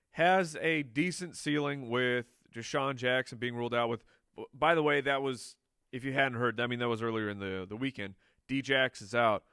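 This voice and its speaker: A man's voice: medium pitch, bright, forceful tone, clear, resonant tone, no room sound, studio quality. A man answering viewer questions on a live show in a playful, chatty way, joking with the crew and laughing often. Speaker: fantasy football analyst answering viewer questions. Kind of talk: casual live Q&A.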